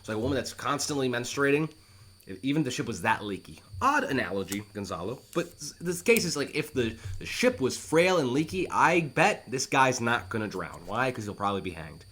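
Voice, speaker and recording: A man talks through an old play line by line in a relaxed, conversational teaching manner. His voice sits at a middling pitch but moves in lively swings as he explains. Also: brisk, husky. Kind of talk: casual educational explanation.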